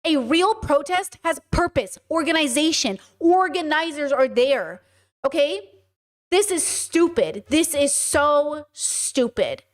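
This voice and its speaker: A woman's voice: high voice, animated, takes it slowly. A woman hosting a live stream, reacting to protest footage with blunt, profane commentary that repeats points for emphasis. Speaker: host.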